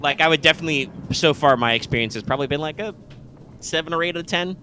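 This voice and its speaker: A man's voice: on the high side, fast, bright, forceful tone, slight background noise. A man co-hosting a live gaming stream, chatting casually and rambling with lots of fillers, restarts and swearing. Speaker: co-host.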